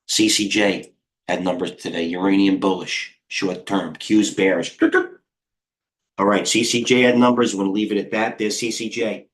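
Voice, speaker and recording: A middle-aged American man hosting a live trading stream, excitable and rambling, jumping between stocks with quick quips. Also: on the low side. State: out of breath. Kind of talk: live market commentary.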